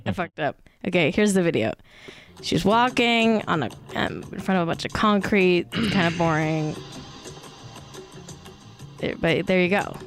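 A woman's voice: on the low side, lively intonation, normal speed, long pauses, faint music behind. A woman hosting a casual pop-culture show, ranting and swearing with lots of fillers. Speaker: podcast host.

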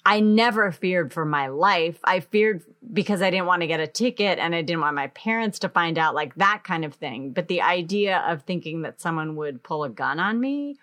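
A woman with a lower voice talks in a loose, reflective way during casual conversation. She leans on frequent "like"s and trails off between thoughts. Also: animated, moderate pace, few pauses, a bit bright. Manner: reflective, loose speech with many fillers like "like".

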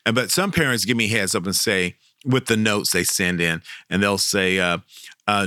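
A middle-aged man from Texas, a professional Santa Claus, tells stories in an interview, animated and quick to laugh. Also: no echo, studio quality. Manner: animated, jumps high when quoting kids, laughs often. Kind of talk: storytelling interview.

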